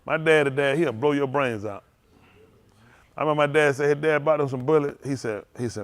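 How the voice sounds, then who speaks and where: A man's voice: a little high, brisk. A man preaching in a folksy storytelling sermon, laughing often and repeating phrases as he acts out quotes. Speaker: pastor.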